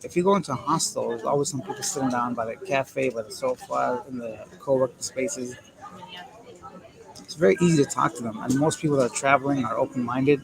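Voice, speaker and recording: A mid-pitched man chats casually into his phone at arm's length while waiting at an airport. He rambles, jokes, and answers viewers' comments as they arrive. Behind him, a crowded terminal hums with voices and announcements. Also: fairly quick, creaky, low-quality recording. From Canada. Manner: joking, rambling, candid. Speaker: vlogger on a live stream. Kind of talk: casual live-stream chat, reading viewer comments. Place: airport transit area. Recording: busy airport crowd noise. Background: crowd chatter and PA announcements.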